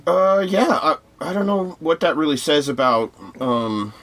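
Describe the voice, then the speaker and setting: A man's voice: a little high, animated, measured pace, a bit bright. A man co-hosting a podcast, reading news items aloud with many fillers and restarts in casual discussion. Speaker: podcast co-host.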